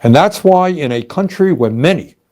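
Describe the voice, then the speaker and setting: A man's voice: fairly high pitch, expressive, normal speed, darkish tone. An older man giving a formal, emphatic political speech.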